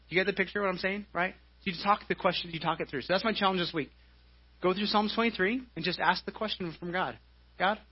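Male pastor, live sermon; slightly raised pitch, breathy edge, muffled lo-fi recording, conversational delivery. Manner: conversational preaching with frequent "right?" and repeated words. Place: church service.

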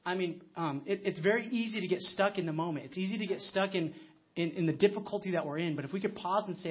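Husky high-voiced male pastor, lo-fi. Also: quick pace. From United States. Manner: conversational, story-telling with many restarts. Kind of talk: sermon. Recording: muffled lo-fi sound.

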